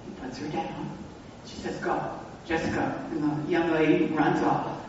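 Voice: mid-range voice, flat delivery, normal speed, background noise. Pastor preaching in an echoey hall. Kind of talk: storytelling sermon. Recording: echoey hall, distant mic, dull sound.

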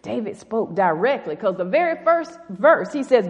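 A woman's voice: medium pitch, very animated, moderate pace, dull audio. A woman preaching a sermon, reading scripture aloud with emphatic stress on key words. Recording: echoey hall with long reverb.

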